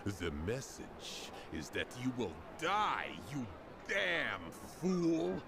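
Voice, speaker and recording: An actor playing a threatening male messenger in video game dialogue, delivering his words in a slow, ominous way. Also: mid-range voice, very animated, gravelly, noisy background, exaggerated voice. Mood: menacing.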